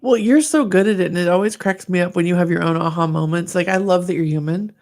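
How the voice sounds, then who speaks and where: A middle-aged woman co-hosting a podcast in easy, casual conversation. Her voice sits a little low and carries a gravelly fry. She tells stories with animation and acts out the voices of the people in them. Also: fast, a little mellow. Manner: chatty storyteller, acts out quotes. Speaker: podcast co-host. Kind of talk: casual chat.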